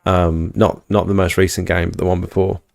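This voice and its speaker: A man's voice: low voice, flat delivery, a little fast, creaky, a little mellow. A man, hosting a livestream and telling a rambling, chatty story to his viewers at home. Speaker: livestream host. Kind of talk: casual storytelling to a live chat. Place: indoors at home.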